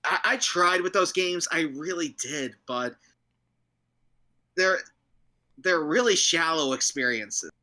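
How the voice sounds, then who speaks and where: A man's voice: fairly high pitch, slow pace, long pauses, pushed and bright. A man co-hosting a casual talk show, joking around, laughing often and stumbling over his words. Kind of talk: casual podcast chat.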